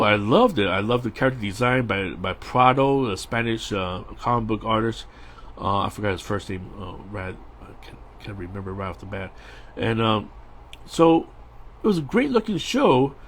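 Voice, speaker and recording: Husky, animated middle-aged man chatting. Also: medium pitch. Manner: chatty and rambling, with many restarts, fillers and laughs. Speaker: storyboard artist streaming a live drawing session. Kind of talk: casual rambling chat while drawing.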